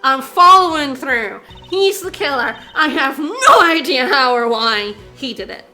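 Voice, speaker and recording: A woman streams a video game and talks her viewers through it in a high, bright voice. She is excitable and insistent, repeats herself and laughs often. Faint game music plays behind her. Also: measured pace. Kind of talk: casual game commentary to chat.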